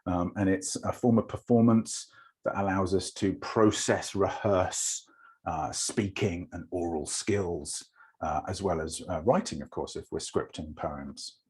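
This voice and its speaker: A man's voice: low-pitched, steady tone, unhurried, a little mellow, slightly rough. A man teaching an informal online lesson on poetry, talking loosely with lots of fillers and asides. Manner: rambling, with many fillers.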